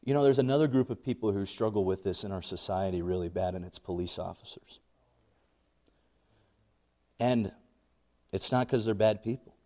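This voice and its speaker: Male pastor, young adult, sermon, lively storytelling, voice climbing when worked up. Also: lowish voice, normal speed, pauses often. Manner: animated storytelling, rising when excited.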